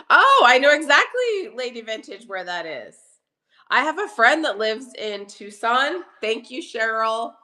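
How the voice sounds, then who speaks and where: Bubbly, lilting woman chatting slowly. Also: mid-range voice, bright, forceful tone. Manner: chatty, bubbly, greets viewers by name. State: recovering from a cough. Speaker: live online auction seller. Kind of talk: casual live-selling chat. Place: home kitchen.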